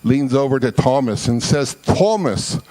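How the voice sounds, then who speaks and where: A man's voice: medium pitch, a little slow, poor audio. Folksy male joke teller from Scotland. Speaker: comedian. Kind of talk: storytelling joke.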